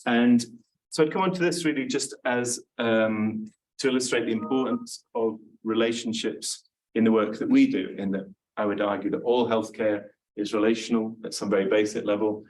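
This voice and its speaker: A man's voice: fairly low pitch, fairly even intonation, moderate pace, a little mellow, far from the mic, slight background noise, low-quality recording. A man giving an academic talk to an audience, informal and self-deprecating, with frequent fillers and restarts. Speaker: lecturer.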